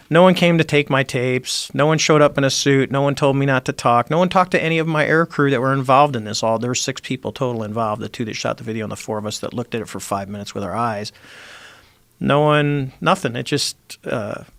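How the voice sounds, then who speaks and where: A middle-aged man with a gravelly, mid-pitched voice tells a story as a podcast guest and acts out the quoted lines. He speaks into a close mic in a dry studio. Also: no room sound. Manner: animated, acts out quoted dialogue. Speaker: podcast guest, former Navy squadron commander. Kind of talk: conversational storytelling.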